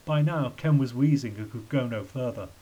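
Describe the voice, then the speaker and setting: A man's voice: medium pitch, normal speed, dark tone, breathy edge, muffled recording. Man reading a children's story. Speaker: narrator.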